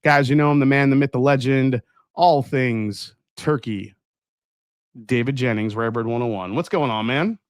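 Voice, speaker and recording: A man's voice: mid-range voice, moderate pace, smooth, dry recording, studio quality. A man hosting a casual livestream tasting, upbeat, greeting viewers by name and reading their comments aloud. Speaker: livestream host.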